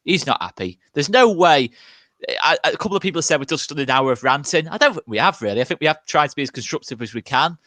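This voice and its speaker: A man co-hosting a fan podcast, who argues in a measured way, point by point. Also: a little high, lively intonation, pushed and bright, no echo. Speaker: co-host of a fan channel. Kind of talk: post-match fan podcast.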